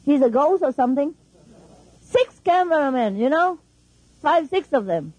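A woman's voice: sits high, very animated, normal speed, darkish tone, no room sound, rough recording. A woman spiritual teacher talking informally and emphatically to her followers, laughing often and speaking in non-standard English.

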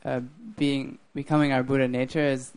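A man in the audience asks questions in a halting way, searching for his words. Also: medium pitch, little pitch movement, a little mellow, clear, resonant tone. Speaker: audience member asking questions.

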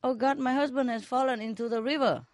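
A woman's voice: high voice, a little fast, a little mellow, no echo, clean studio sound, pitched above the performer's own voice, close to an everyday voice. A woman voicing a crafty tailor woman from a joke who pleads with God. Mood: pleading.

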